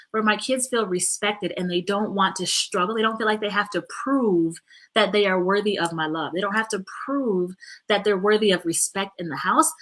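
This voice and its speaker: A mother giving parenting advice in a casual, animated, chatty way, often checking in with her listeners. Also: medium pitch. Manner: animated, chatty, keeps asking "right?".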